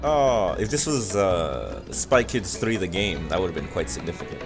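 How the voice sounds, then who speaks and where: An excitable young man streaming a video game and joking his way through it. His voice jumps all over the place, with game music playing loudly behind him. He swears freely and cracks jokes. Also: deep voice, normal speed. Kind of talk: casual gameplay commentary.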